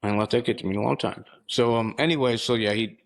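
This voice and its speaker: Male guest, 50s, from Missouri, low voice; halting personal storytelling with restarts and throat-clearing. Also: fairly even intonation, low-quality recording. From Missouri, United States. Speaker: podcast guest.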